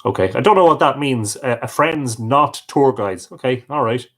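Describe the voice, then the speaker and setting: A man's voice: mid-range voice, lively intonation, fairly quick. A man hosting a livestream, reading out viewers' comments and greeting each one by name. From Ireland. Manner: friendly, reads out viewer comments and answers them. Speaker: livestream host. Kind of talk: reading live chat greetings.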